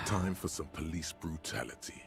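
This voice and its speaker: Game in a super deep grave voice, music clear behind. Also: male voice, expressive, measured pace, a bit bright, full character voice. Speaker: game narrator. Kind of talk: scripted narration.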